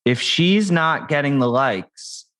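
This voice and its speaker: A man's voice: fairly high pitch, lively intonation, slow pace, fairly bright tone. A man who is a tech company founder, speaking as a guest in a casual podcast interview, talking loosely with frequent restarts and fillers. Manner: conversational, many restarts and fillers.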